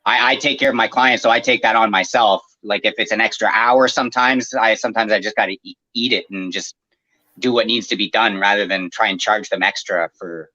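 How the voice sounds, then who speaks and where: A man's voice: fairly low pitch, bright, forceful tone, no room sound, lo-fi sound. A man who runs an aquarium maintenance business, chatting casually and explaining at length with plenty of fillers. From Canada. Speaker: aquarium maintenance service owner. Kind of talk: casual podcast chat.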